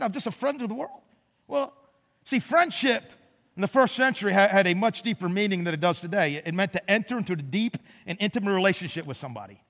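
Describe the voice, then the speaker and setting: A man's voice: high voice, a bit bright. A man in his fifties preaching a sermon with an emphatic, dramatic delivery. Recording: long hall reverb.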